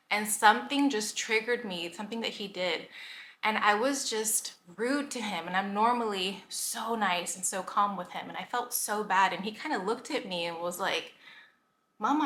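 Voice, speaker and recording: A woman in her thirties chatting casually to camera as a vlogger, full of "like" fillers and quick laughs. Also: mid-range voice, pushed and bright, reverberant.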